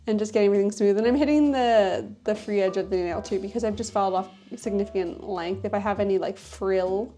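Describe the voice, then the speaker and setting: A woman's voice: medium pitch, fairly quick, hardly any pauses, dark tone. A woman nail technician narrating a tutorial voice-over in a chatty, casual way, with lots of fillers.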